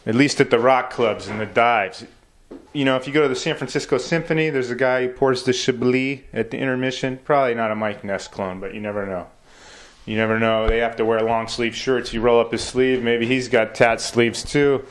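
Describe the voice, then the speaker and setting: A man's voice: medium pitch, steady tone, fairly quick. A man delivers a rambling stand-up bit. He swears freely and talks in a loose, laid-back way. The delivery sounds offhand rather than polished. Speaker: comedian.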